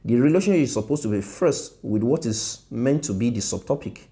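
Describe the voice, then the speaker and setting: A man's voice: medium pitch, expressive, brisk, warm tone. A man teaching a design lesson over a screen share, often repeating himself and checking in with "okay" and "you see".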